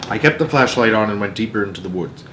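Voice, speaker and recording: A man hosting a storytime channel, reading a children's novel aloud with slow, hushed, dramatic pacing. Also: fairly low pitch, lively intonation, a little hiss or hum.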